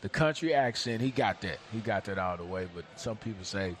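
A man's voice: fairly low pitch, brisk. Man, easygoing guest chatter, slight background noise. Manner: relaxed, repeats "you know" often. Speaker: football player guest. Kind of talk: casual chat.

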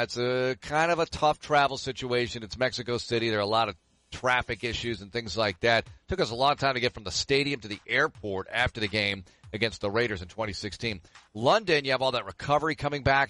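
A middle-aged man talking sports in a loose, rambling manner, drifting into side remarks as he answers listener questions. His voice sits at an ordinary pitch and sounds close and dry, with no room around it. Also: bright, forceful tone, dry recording. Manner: chatty, rambling asides. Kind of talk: casual sports talk.

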